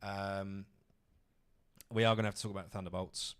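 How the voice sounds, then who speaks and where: A man's voice: low voice, flat delivery, normal speed, smooth. A man co-hosting a livestream, talking in a blunt, sweary, ranting way. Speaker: co-host of a movie news livestream. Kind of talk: casual chat.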